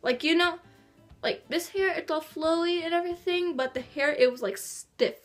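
A woman's voice: very high voice, moderate pace, faint music behind. A teenage girl chatting to camera in her bedroom, rambling and bubbly. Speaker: vlogger. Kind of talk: casual chat to camera. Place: bedroom at home.

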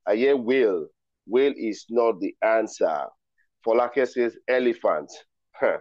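A man's voice: on the low side, expressive, a little slow, a little mellow, no echo. A man hosting a virtual ceremony, running a riddle quiz in a playful, teasing way and reading out chat replies. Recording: dry, dull lo-fi call audio.

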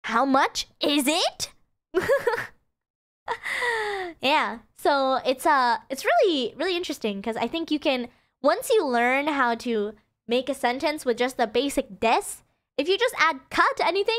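A young woman teaches Japanese phrases in a casual livestream, her voice high, animated and fairly bright at a moderate pace. She's chatty, giggles often and fills her speech with "um" and "like."

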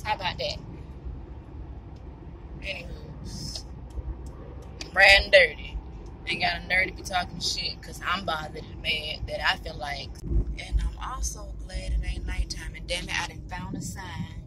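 A woman's voice: fairly low pitch, fairly even intonation, measured pace, pauses often, sharp tone, low-quality recording. A woman from Virginia, talking to herself in casual, profane chat while she drives and films on her phone. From Virginia, USA. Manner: chatty, profane, talks to herself and passing drivers. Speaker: vlogger. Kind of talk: casual self-filmed chat while driving. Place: inside a car on the road. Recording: car and road noise behind. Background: car engine and road noise.

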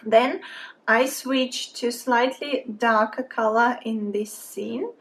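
A woman's voice: a little high, fairly even intonation, slow pace. A woman from Saint Petersburg with a Russian accent, chatting in a friendly way as she narrates a drawing tutorial. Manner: chatty, friendly, thinking aloud while drawing. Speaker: art instructor.

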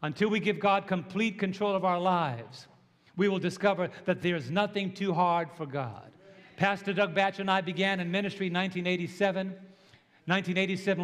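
A pastor in his sixties from New York, preaching a sermon with animated storytelling and call-and-response. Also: high voice. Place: church sanctuary. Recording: long church hall reverb.

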